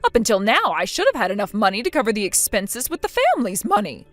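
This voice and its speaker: A synthetic woman's voice playing a spiteful, bossy older mother-in-law in a text-chat story, scolding with contempt and a lively pitch. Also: fast talker, no echo. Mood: demanding.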